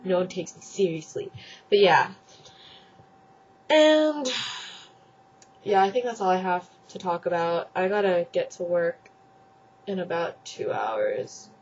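Chatty young woman with a husky voice. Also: on the low side, expressive, slow pace, long pauses, darkish tone. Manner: chatty, gushing, lots of fillers. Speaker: vlogger. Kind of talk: casual chat. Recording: dull lo-fi webcam audio.

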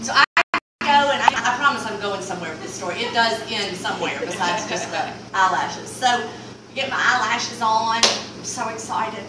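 A middle-aged woman with a Southern American accent, telling a comic story to a live audience in an animated, rambling way and acting out the dialogue. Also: fairly high pitch, normal speed. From Mississippi Delta, US. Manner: animated, rambling, acts out dialogue with big swings. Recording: far-off, very echoey room with noise.

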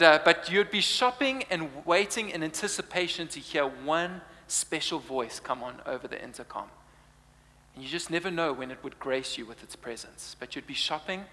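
Jasny głos młodego kaznodziei w sali. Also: male voice, a little high, pushed and bright, long reverb tail. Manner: playful, chatty, laughs often. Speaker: preacher. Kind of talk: humorous sermon. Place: church hall.

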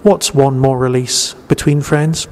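A man's voice: mid-range voice, steady tone, unhurried. A man hosting a podcast, giving a chatty review and asking and answering his own questions. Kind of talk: spoken audio review. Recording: reverberant room with faint noise.

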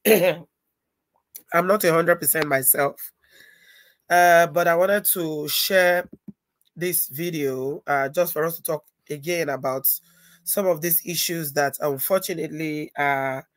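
A woman hosting a live stream, hoarse and stuffy-nosed from a cold, chatting and greeting viewers by name as she talks. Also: sits low, no room sound. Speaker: channel host.

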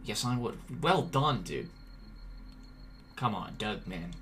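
A man's voice: on the low side, lively intonation, slow pace, a bit bright, a little hiss or hum. A man streaming a video game, joking and reacting with sudden jumpy outbursts while talking to chat. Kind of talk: let's play commentary.

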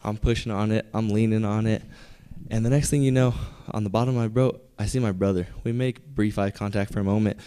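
Mellow-voiced young man telling a story. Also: on the low side, fairly even intonation, clean tone. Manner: conversational, building to punchlines with pauses. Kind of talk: live personal storytelling. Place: theater stage.

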